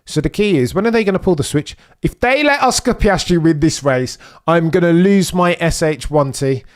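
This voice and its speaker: A man streams a live race watch-along at normal speed, commenting with excitement and pleading with the drivers. His voice drops to low mutters, then jumps to high, urgent bursts.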